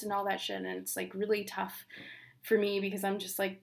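Young woman, podcast co-host, casual chat, gravelly, bright tone, candid, swears freely. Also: medium pitch, completely flat delivery. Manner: candid, swearing, quick to laugh.

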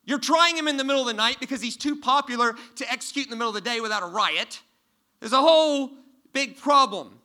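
A man preaching a sermon to a congregation from a church stage, quizzing the listeners and swinging from loud emphasis to hushed tones. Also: extremely high pitch, quick pace. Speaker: pastor.

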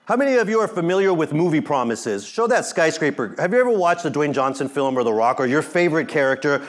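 Middle-aged male pastor, lively sermon delivery, fairly high voice, playful asides. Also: fast. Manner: animated, acts out quotes, jokes with congregation.

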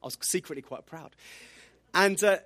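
A man preaching a sermon, telling lively stories with self-deprecating humor. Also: high-pitched, moderate pace.

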